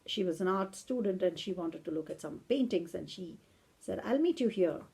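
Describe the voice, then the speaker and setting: Warm-toned woman lecturing. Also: on the low side, normal speed, creaky, husky. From India. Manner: reflective, storytelling, with a few self-corrections. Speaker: podcast host and philosophy lecturer. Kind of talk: lecture-style podcast talk.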